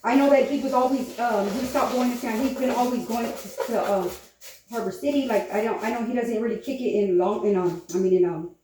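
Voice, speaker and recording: A woman telling a story in casual chat and acting out the quotes with animation. Her voice sits a bit high. She sounds distant from the mic in a very echoey room with faint noise. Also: fairly quick.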